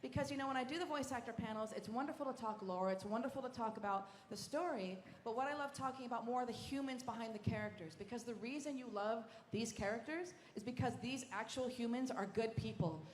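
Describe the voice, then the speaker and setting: A woman moderating a live convention panel, effusive and quick, often restarting her sentences. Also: on the high side, a little hiss or hum. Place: large convention hall stage. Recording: reverberant hall with crowd ambience.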